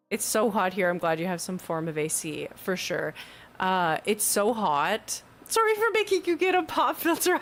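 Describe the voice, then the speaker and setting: A woman's voice: medium pitch, a little hiss or hum. Chatty young woman streaming from home. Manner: chatty, rambling, giggly. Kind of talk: casual chat stream. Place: new home with fan and AC running. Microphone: desk USB mic without pop filter.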